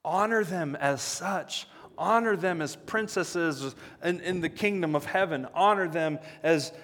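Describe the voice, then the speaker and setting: A male pastor with a somewhat high voice preaches an earnest, conversational sermon that climbs to emphatic peaks. The sound rings with the long reverb of a large hall. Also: a bit bright.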